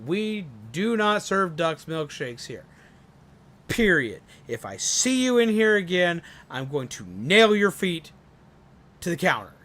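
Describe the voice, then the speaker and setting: A man's voice: high voice, very animated, slow pace, fairly bright tone, exaggerated voice. A man voicing an irate male restaurant manager who talks in a stern, firm way. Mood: angry.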